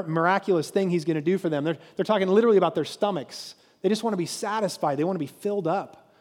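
Guy preaching a sermon, kinda high voice, acts out the crowd, long church echo. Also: darkish tone. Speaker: pastor.

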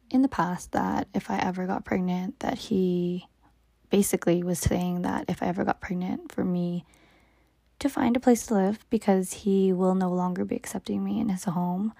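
A young woman telling a personal story in a casual way, often sinking into a soft half-whisper and using lots of "like"s. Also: fairly low pitch, steady tone, normal speed, creaky, dry recording.

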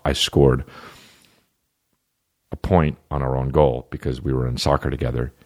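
Very deep-voiced profane male podcaster. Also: level tone, normal speed, a little mellow. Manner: profane, rambling, riffing on listener questions. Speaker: podcast host. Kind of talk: casual comedic monologue.

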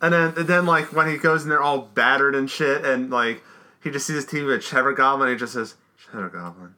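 A man in casual film chat, excitable and swearing freely, with halting restarts. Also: mid-range voice, clear, resonant tone.

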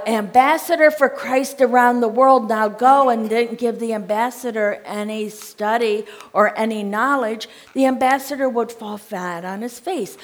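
An American woman preaching a sermon, reading scripture aloud and checking in with her listeners in a conversational way. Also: fairly high pitch.

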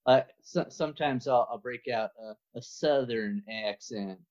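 A male guest on a casual podcast, pausing often and filling gaps with ums and uhs. His voice is mid-pitched, and the audio sounds muffled and lo-fi. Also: a little mellow. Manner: hesitant, lots of fillers. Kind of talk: casual interview.

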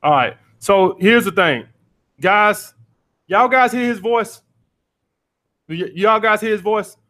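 A man's voice: high-pitched, lively intonation, takes it slowly, a bit bright. A man hosting a call-in dating advice podcast, blunt and profane, repeating his points as he coaches a caller.

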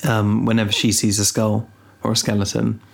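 A man's voice: on the low side, normal speed, creaky. Rambling, teasing guy. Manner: rambling, teasing, deadpan asides. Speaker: podcast co-host. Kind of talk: casual chat.

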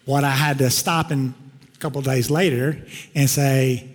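A man's voice: mid-range voice, steady tone, moderate pace. A male pastor preaching a sermon, telling stories in a conversational, emphatic way. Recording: long hall reverb.

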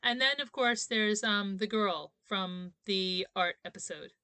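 A woman co-hosting a casual podcast, calmly explaining plot points and often laughing. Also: mid-range voice, measured pace, clean tone, no echo. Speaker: podcast co-host. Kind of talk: casual fan chat about an anime.

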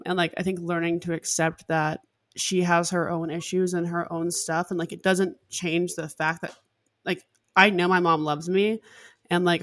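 A woman's voice: lowish voice, no echo. Candid young woman, dry close sound. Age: 20s. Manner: candid, heavy use of "like" as filler. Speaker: podcast host. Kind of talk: casual chat.

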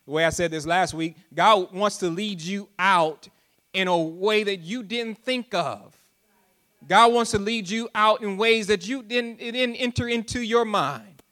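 A man preaching a sermon as pastor, repeating lines with rising emphatic calls and dropping low and soft between them. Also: a little slow.

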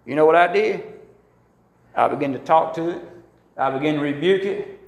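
A man's voice: fairly high pitch, moderate pace, gravelly, lo-fi sound. A middle-aged man preaching a sermon as pastor, telling folksy stories and acting out quotes. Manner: folksy, animated storytelling with acted-out quotes. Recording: echoey room.

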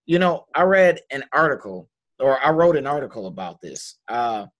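A man's voice: mid-range voice, very animated, normal speed, highs cut off. A man in a casual group discussion, speaking earnestly and restarting phrases as he builds his points. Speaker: panel guest and writer.

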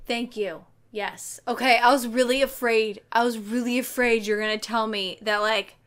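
A woman hosting a casual podcast, playful and quick to laugh as she leads the discussion. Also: fairly high pitch, fairly even intonation, fairly bright tone. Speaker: podcast host. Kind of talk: casual review chat.

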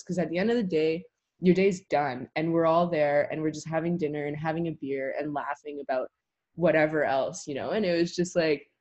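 A woman's voice: low voice, a little mellow, dull audio. A young woman in her twenties, a tree planter telling a story in a casual interview, chatty and full of filler words. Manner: chatty, lots of "like" fillers, laughs while telling.

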